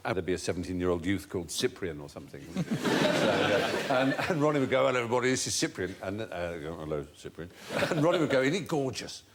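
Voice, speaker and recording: A man's voice: medium pitch, a little hiss or hum. An Englishman telling an anecdote on a comedy panel show, slipping into voices and chuckling. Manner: animated storyteller who slips into voices, chuckling as he goes.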